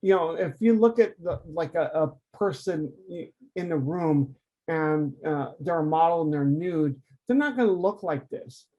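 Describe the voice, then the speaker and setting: A man who teaches anatomy for artists, talking through a drawing demonstration on a video call, lively and emphatic. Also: fairly high pitch, a little slow, dull audio. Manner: animated, conversational, emphatic teaching. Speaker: anatomy art professor.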